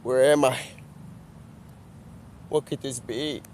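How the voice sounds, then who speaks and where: A man's voice: medium pitch, fairly even intonation, slow, darkish tone, a little hiss or hum. A man doing an improvised comedy skit outdoors, rambling and drawling, filling nearly every sentence with "man" and "bro". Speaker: comedic vlogger.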